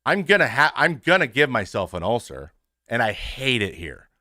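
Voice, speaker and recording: A man's voice: medium pitch, very animated, moderate pace, sharp tone, no echo, clean studio sound. Candid man talking frankly on stream. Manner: frank and conversational, with restarts and swearing. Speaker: show host, former pitcher. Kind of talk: candid casual talk to a stream audience.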